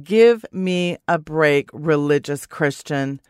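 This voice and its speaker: A woman's voice: low voice, slow pace, clean tone, dry recording. A woman co-hosting a Christian radio talk show, indignant and blunt, in a dry studio. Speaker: radio co-host.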